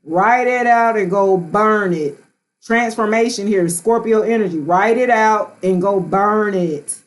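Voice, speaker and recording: A woman's voice: medium pitch, a little slow. A woman tarot reader hosting a live stream, talking casually and slangily straight to her viewers.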